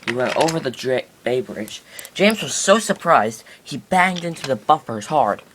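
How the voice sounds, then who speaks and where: A man's voice: mid-range voice, animated, moderate pace, background noise. Rambling man improvising a story. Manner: rambling, many restarts and fillers. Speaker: narrator of toy train stories.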